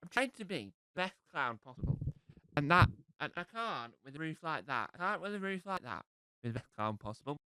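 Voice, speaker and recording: A man's voice: a little high, big pitch swings, fairly quick, pushed and bright, smooth, dry recording, rough recording. A man with a cold doing a rambling, self-deprecating live stand-up set. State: has a cold. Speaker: stand-up comedian.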